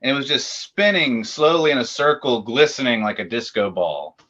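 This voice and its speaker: A man co-hosts a casual interview. His voice is bright and forceful, and he rambles through his stories with fillers. The recording is dull and lo-fi. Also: medium pitch, expressive. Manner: rambling, halting storyteller with fillers. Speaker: co-host.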